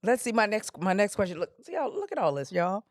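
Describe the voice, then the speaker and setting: A woman's voice: medium pitch, sing-song, fairly quick, no room sound, clean studio sound. A woman hosting a live call-in advice podcast, talking in a sassy, direct coaching way and calling listeners honey and darling. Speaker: podcast host.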